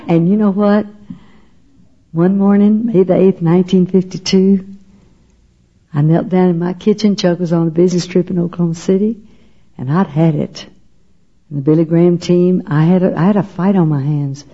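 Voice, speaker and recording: A woman's voice: on the low side, fairly even intonation, normal speed, pauses often. An older woman telling her personal testimony to an audience in a folksy, storytelling way. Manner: folksy storyteller, often asks "you know what?". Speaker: speaker giving her testimony. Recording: dull lo-fi recording.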